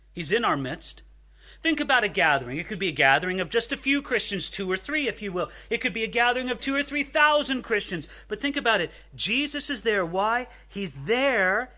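High, bright-voiced preacher telling a story. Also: male voice. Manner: expressive storytelling with quoted dialogue; asks the congregation rhetorical questions. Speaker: pastor. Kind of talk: sermon.

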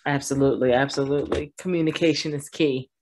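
A woman's voice: rumbling low, steady tone, quick pace, darkish tone. A woman hosting a podcast interview, chatty and upbeat, often restarting her sentences. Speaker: podcast host.

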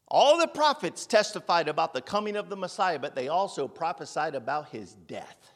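Animated high-voiced male preacher. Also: normal speed, vocal fry. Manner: animated, rhetorical questions, calls on listeners by name. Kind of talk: sermon. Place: meeting room with congregation. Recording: long hall reverb.

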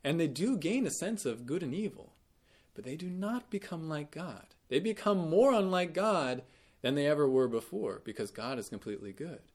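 A man's voice: fairly high pitch, lively intonation, moderate pace, a little mellow. A man teaching a Bible lesson in a careful, explanatory way, often correcting himself mid-sentence and giving quoted lines extra emphasis.

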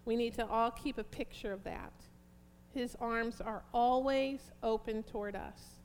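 A woman preaching a fervent, prayerful sermon, reading scripture slowly and emphatically. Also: on the high side, a little mellow, a little hiss or hum.

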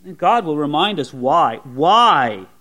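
A man's voice: a little high, big pitch swings, takes it slowly, sharp tone. A man preaching an expository sermon, reading scripture aloud and stressing points with rising and falling emphasis. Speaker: pastor.

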